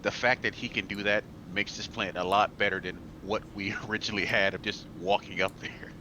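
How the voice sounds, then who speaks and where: A man playing a tabletop game in casual chat, laughing often and sounding animated and easily confused. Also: on the low side, a little fast, lo-fi sound, noisy background.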